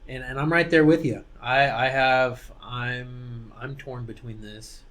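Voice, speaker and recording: A man co-hosting a casual podcast, calmly explaining things and often restarting his sentences. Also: mid-range voice, a little slow. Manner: explains patiently, hesitant restarts. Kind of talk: casual chat.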